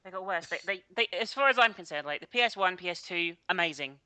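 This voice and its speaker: A woman's voice: fairly low pitch, animated, fast talker, bright, forceful tone, smooth, no echo. A woman guest on a podcast, chatting casually in a blunt, swearing way.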